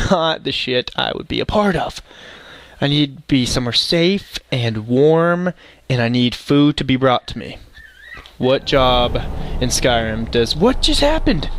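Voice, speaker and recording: A man giving chatty, excitable let's play commentary, talking to the game's creatures. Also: mid-range voice, slight background noise. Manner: excitable, chatty, talks to game animals. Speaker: game streamer.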